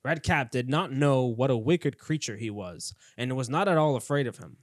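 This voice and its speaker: A man's voice: mid-range voice, expressive, normal speed, hardly any pauses, music in the background. A man co-hosting a comedy podcast, joking and reading a fairy tale aloud between laughs. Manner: laughing, jokey, reads the story aloud. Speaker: podcast co-host. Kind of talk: comedic storytelling chat.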